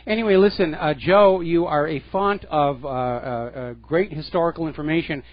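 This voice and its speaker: A male radio host with a slightly high voice, breaking in firmly to give his own take. The sound is dry and close, with a somewhat dull, lo-fi tone. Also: moderate pace, no room sound. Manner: assertive, interjects firmly. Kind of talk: talk radio hosting.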